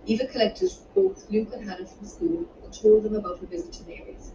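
A woman reading her own romance novel aloud in a measured, unhurried way, with the odd small restart. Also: medium pitch, big pitch swings, warm tone. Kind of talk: audiobook narration. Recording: roomy, distant, muffled home recording with background noise.

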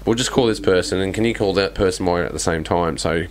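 A man hosting a casual podcast chat, an animated storyteller who acts out scenes. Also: low voice, fast talker. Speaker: podcast host.

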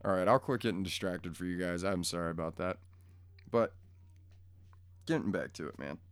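A man's voice: sits low, moderate pace, clean tone, no echo. Blunt, crude-talking man ranting. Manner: rambling, easily distracted, blunt and crude. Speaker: vlogger. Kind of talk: casual profane rant to camera. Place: home room.

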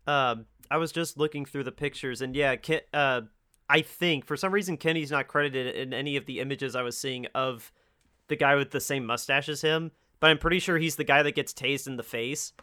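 A man co-hosting a movie review podcast, talking in a relaxed way and laughing often. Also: mid-range voice, fairly quick, clean tone. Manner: laid-back, laughs often. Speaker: podcast co-host. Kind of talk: casual movie review chat.

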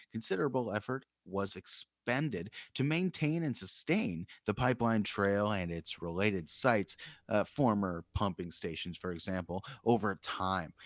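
A man co-hosting a casual podcast, talking in a lively, playful way. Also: lowish voice, no echo. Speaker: co-host.

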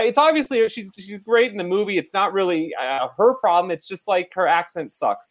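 Man, podcast co-host, blunt, opinionated, fairly high voice. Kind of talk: casual movie discussion.

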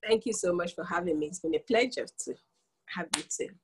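A woman's voice: fairly low pitch, animated, fairly quick, slight background noise. A woman coach speaking as an interview guest, earnest and motivational. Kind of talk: casual interview chat.

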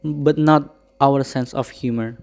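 A man's voice: mid-range voice, fairly even intonation, slow, vocal fry. A man, voicing an urgent male priest who speaks in clipped orders.

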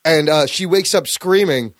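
A man hosting a podcast, recapping a story in casual chat, animated and swearing freely. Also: fairly high pitch, a little slow, dry recording, studio quality. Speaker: podcast host.

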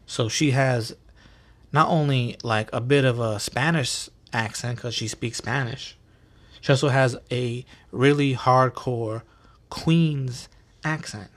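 A man's voice: medium pitch, slow, a bit bright. Thirties New Yorker host, chatty and profane, casual storytelling with a New York accent, man. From New York City, USA. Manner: chatty, profane, bro slang. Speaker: podcast host.

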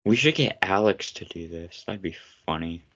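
A podcast co-host chats casually, blunt and teasing. His deep voice is expressive and a bit bright, moving a little slowly. The podcast audio sounds slightly muffled.

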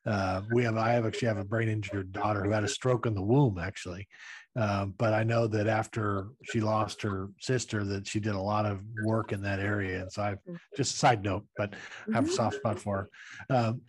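A man's voice: lowish voice, steady tone, breathy edge. A man hosting an interview, curious and conversational, often restarting his sentences as he talks. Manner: curious, halting, many restarts. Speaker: host. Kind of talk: casual interview chat.

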